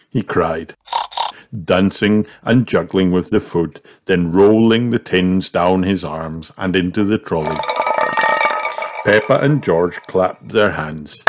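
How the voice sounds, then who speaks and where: Deep, slow man reading a children's story. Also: noisy background. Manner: gentle and measured. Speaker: narrator. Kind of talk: storybook read-aloud for children.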